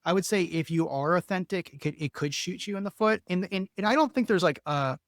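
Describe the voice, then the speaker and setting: A man's voice: high voice, brisk, no room sound. Chatty, self-assured podcast host man. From Philadelphia area, US. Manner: chatty, self-assured, rambling with many fillers. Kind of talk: casual interview talk.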